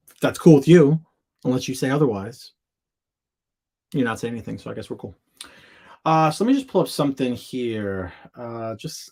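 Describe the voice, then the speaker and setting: A man from the United States hosting a casual live Q&A, chatty and playful, tossing in made-up words while sharing his screen. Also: mid-range voice. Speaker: livestream host answering seller questions. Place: home or office in Florida.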